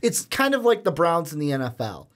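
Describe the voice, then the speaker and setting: Chicago-accented man, lively sports banter. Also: a little high, a little hiss or hum. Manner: animated, quick asides and laughs. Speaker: podcast co-host. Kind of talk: casual sports chat.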